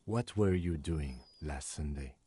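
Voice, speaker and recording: An actor voicing a calm, methodical police lieutenant in a game, measured and questioning. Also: male voice, rumbling low, breathy edge, full character voice. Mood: stern.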